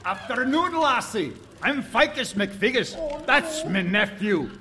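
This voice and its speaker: A gruff Scottish uncle. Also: male voice, high-pitched, big pitch swings, slow pace, background noise, exaggerated voice. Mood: polite. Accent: Scottish (put on). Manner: brusque, scolding.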